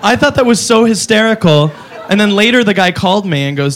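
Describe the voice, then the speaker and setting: A man's voice: sits high, lively intonation, fairly quick, fairly bright tone. A man doing a stand-up comedy set on a club stage, profane and mock-outraged. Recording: live club recording with crowd noise.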